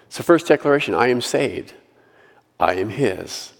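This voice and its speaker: A male pastor preaching a sermon, earnestly leading the congregation in repeated declarations and dropping to a hushed voice on scripture. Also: mid-range voice, lively intonation, moderate pace, gravelly, big-room sound.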